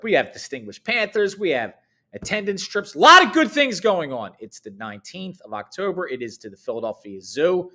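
Upbeat guy doing morning announcements, voice jumps all over, kinda bright and sharp. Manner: upbeat, chatty, swoops up high for emphasis. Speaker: school announcer.

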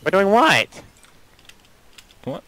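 A man's voice: high-pitched, huge pitch swings, drawn-out words, sharp tone, slight background noise, low-quality recording. A man playing a game with a friend, chatting casually and groaning and exclaiming when he dies. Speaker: Let's Play gamer. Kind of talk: casual gaming banter.

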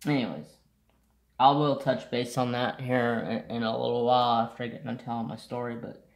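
Gravelly man rambling in an echoey room. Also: medium pitch, fairly even intonation, brisk. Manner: rambling, storytelling, sidetracked, blunt. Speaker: craft vlogger. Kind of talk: casual rambling chat.

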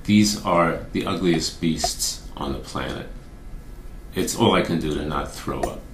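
A man voicing a queasy male cowboy who agrees slowly and in a low tone. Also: roomy sound, slight background noise.

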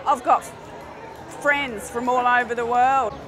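An Australian woman with a high voice gives an earnest, defensive street interview. A loud crowd and music fill the space around her. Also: fairly even intonation, takes it slowly. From South Gippsland, Australia. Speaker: rally-goer interviewee.

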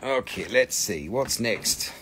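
A man hosting a live sales stream, talking with excited, animated patter as he shows and prices each item. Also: mid-range voice, slow pace, a little hiss or hum.

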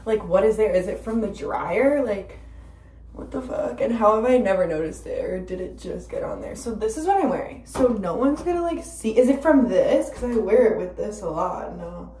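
A woman in her twenties chatting casually to camera, rambling with lots of fillers, swearing freely, and breaking into sudden loud bursts. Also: medium pitch, expressive, normal speed. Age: 20s. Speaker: vlogger. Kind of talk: casual chat. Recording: roomy, distant from the mic.

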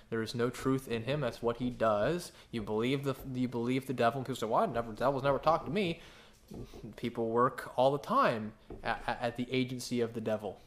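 A man preaching a sermon, animated and full of questions he answers himself, sometimes acting out voices. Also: a little hiss or hum. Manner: animated, acts out quoted voices with big pitch jumps; asks the congregation questions and answers them. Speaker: pastor.

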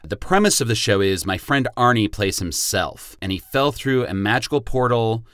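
A middle-aged man with a low voice, chatting as a guest in an easygoing way and laughing as he goes. The sound is dry and close, with no room echo. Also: animated, normal speed, a bit bright. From Chicago area. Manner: easygoing, laughs while talking. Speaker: podcast guest. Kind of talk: casual podcast chat.

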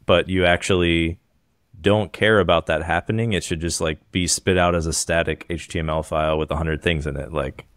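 A man co-hosting a podcast, explaining in relaxed casual tech chat full of fillers. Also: low voice, fairly quick, no echo, clean studio sound. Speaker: podcast co-host.

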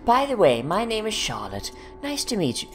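A man's voice: sits high, huge pitch swings, normal speed, pitched above the performer's own voice. A man voicing a shy, polite young woman who writes formal, apologetic letters in a video game.

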